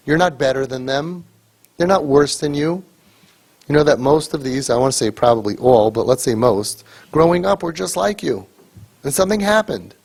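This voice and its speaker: A middle-aged man with a husky, slightly rough voice, lecturing a group in earnest. He speaks at an average pitch and keeps driving points home with emphatic rhetorical questions. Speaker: parent crisis coach leading a sibling training group.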